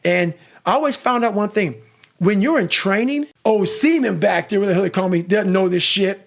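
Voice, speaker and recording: A man's voice: high voice, a little fast, creaky. A man giving a profane, intense motivational talk, cussing constantly. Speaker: motivational speaker.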